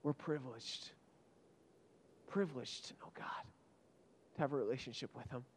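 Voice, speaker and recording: A man preaching a sermon with dramatic storytelling, swinging between loud emphatic peaks and hushed, almost whispered lines. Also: mid-range voice, normal speed, a little hiss or hum. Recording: long hall reverb.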